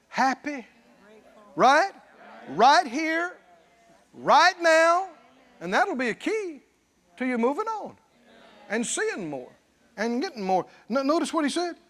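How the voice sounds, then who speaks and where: A man delivers a sermon in an unusually high voice. His preaching is emphatic, swinging between shouted lines and low, quiet stretches. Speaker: pastor.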